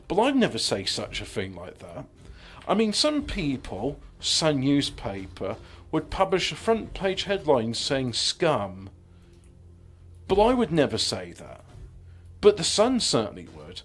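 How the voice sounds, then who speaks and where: A man's voice: medium pitch, big pitch swings, unhurried. Guy streaming a game, rambly and snarky, voice bouncing all over, mutters his plans to himself. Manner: rambling, sardonic and joking; self-muttering while planning moves. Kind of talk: casual gameplay commentary.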